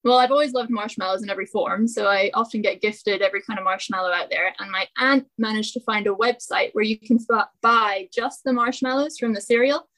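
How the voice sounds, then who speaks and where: A woman's voice: mid-range voice, a little fast, hardly any pauses, fairly bright tone, poor audio. A young woman from Scotland with a faint Scottish accent, a hiker talking as a podcast guest, cheerful and often laughing. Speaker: guest, long-distance hiker. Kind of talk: casual interview.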